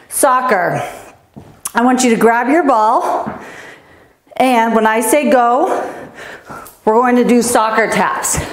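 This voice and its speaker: A woman's voice: high-pitched, reverberant. A woman coaching a youth tennis class in an upbeat, encouraging way, counting down and cheering the kids on as she exercises. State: out of breath. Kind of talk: energetic live-stream fitness coaching.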